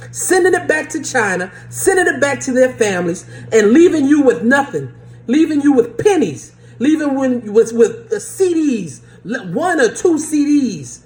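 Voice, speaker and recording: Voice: high-pitched, a little mellow. A vlogger giving an impassioned rant to camera, urgent and repetitive, often stumbling over repeated words and laughing through the lines.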